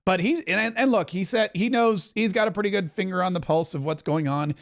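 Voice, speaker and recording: A middle-aged man talks over a live broadcast as a podcast host, keeping up a chatty, wry running commentary. His voice sits a little high for a man. He tosses in quick asides as he goes.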